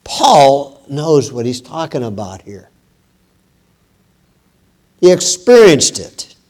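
Slow, conversational male preacher. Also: big pitch swings. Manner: rises louder and higher when quoting scripture. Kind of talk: sermon.

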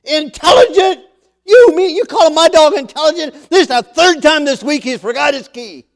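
A man voicing an indignant dog owner who shouts in a high, strained voice within a joke. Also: expressive, normal speed. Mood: exasperated. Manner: shouting, exasperated.

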